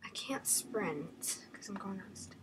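A woman's voice: mid-range voice, expressive, a little slow. A young woman giving nervous, frightened commentary while playing a horror game, often dropping to a whisper. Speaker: gamer.

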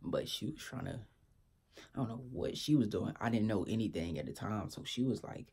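A man's voice: fairly low pitch, expressive, normal speed, a little mellow, slightly rough. A young man, telling a story in a laid-back, slangy way to his vlog viewers. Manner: laid-back slangy storytelling, keeps asking "you feel me". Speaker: vlogger.

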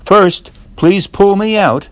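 A man doing young Aladdin, high and pleading. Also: takes it slowly, dry recording. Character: young male hero Aladdin, eager and anxious.

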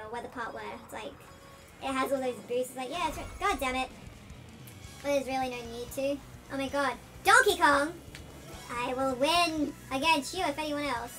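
An Australian woman host giving chatty, excitable let's-play commentary, her voice sped up to a chipmunk pitch. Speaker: gaming channel host.

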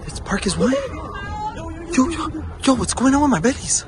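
A friend in a staged horror vlog outdoors, talking nervously in a hushed voice. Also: high voice, big pitch swings, normal speed, music in the background. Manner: nervous, hushed, then shouting.

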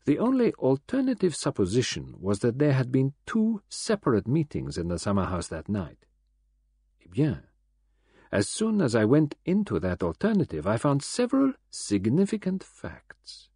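Give me a man playing a grave, self-important detective in a husky voice, with close dry audiobook sound. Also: mid-range voice, huge pitch swings, moderate pace, warm tone, dry recording, exaggerated voice. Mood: lecturing.

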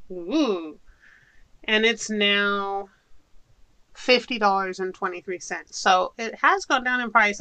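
A woman's voice: mid-range voice, bright, forceful tone, no room sound, rough recording. A middle-aged woman chatting casually to viewers while unboxing a haul, with giggles along the way. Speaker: haul vlogger. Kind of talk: casual haul video chat. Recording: audible background noise.

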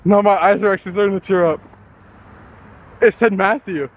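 A man's voice: high voice, fairly even intonation, a little fast. A young man on a nighttime ghost hunt, talking in a jumpy, rambling way with lots of swearing and fillers. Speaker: ghost-hunting vlogger. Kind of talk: casual paranormal investigation chat. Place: outdoors at night near a school. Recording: outdoor recording with street noise.

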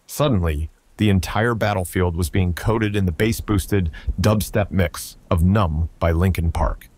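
Deep-voiced male story narrator. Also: a little slow, darkish tone. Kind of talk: scripted narration.

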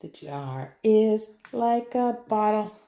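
A woman's voice: medium pitch, expressive, slow pace, dark tone. A mother patiently reading an alphabet workbook aloud with her child, spelling words letter by letter and echoing the child's prompts.

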